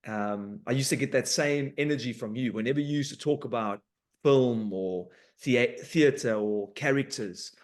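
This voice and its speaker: Animated male podcast host. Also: mid-range voice, moderate pace. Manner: animated, informal, sweary banter. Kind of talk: casual podcast chat.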